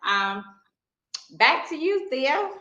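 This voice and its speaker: Brief: woman panel guest, high bright voice, echoey muffled call audio. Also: very animated, extremely slow. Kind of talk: casual panel chat. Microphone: video call. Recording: dull roomy video-call audio.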